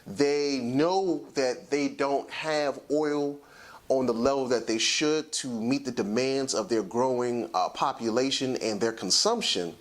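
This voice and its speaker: Hosting a talk show, a man with a mid-range voice delivers emphatic, lecturing commentary. He slows down deliberately to stress his points.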